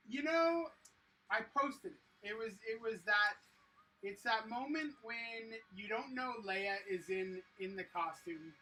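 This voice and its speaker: A livestream host chatting casually while building a set and answering viewers, excitable and enthusiastic, with lots of fillers. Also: medium pitch. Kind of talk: casual chat reading viewer comments. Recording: slightly distant mic with faint noise.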